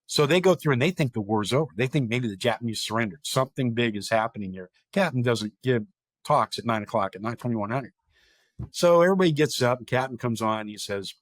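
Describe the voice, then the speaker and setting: A man's voice: medium pitch, expressive, brisk, dry recording. A man speaking as a guest and telling a vivid, dramatic story, quoting people directly as he goes. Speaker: guest, historic park chief of staff.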